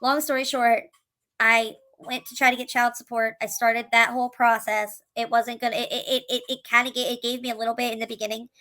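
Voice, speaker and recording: A single mother earnestly tells her own life story to camera, emotional, with tumbling restarts and repeated words. Her voice is on the high side and sharp, with a flat, brisk delivery, and the recording is rough.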